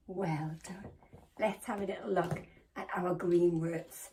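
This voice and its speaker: A woman primary school teacher leads young children through a phonics lesson, sounding out letters one at a time in a slow, sing-song, encouraging way. Her voice is mid-range and a little mellow, recorded at home or in a classroom for home learning.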